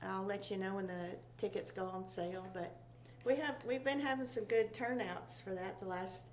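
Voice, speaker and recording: A woman from a local chamber of commerce chatting casually, rambling and halting with many fillers. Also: mid-range voice, fairly even intonation, a little mellow, a little hiss or hum. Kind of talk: casual local talk show chat.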